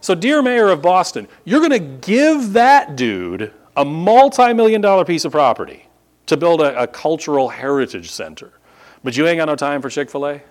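Male pastor, sermon, animated, rhetorical questions, mock disbelief, lively intonation, church podium. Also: a little high, moderate pace. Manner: acts out incredulous reactions.

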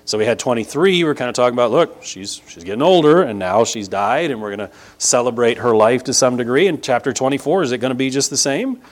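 A man leading a relaxed scripture lesson, his voice sitting in a middle pitch. He keeps it conversational, often checking in with the listener and leaning hard on key words. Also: fast talker, hardly any pauses. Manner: conversational, checks in with "right?" and leans on emphasis. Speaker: Bible teacher. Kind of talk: casual scripture lesson with a map.

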